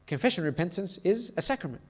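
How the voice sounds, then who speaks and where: A man's voice: high voice, sing-song, quick pace, darkish tone. A man giving a sermon to a youth meeting in a church, telling stories and often checking in with "okay?" and "all right?".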